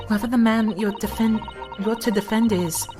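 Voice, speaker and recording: A gentle, polite young assistant, read by a woman in a game read-through. Her voice sits fairly high and game music plays clearly behind her. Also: steady tone, normal speed, natural voice.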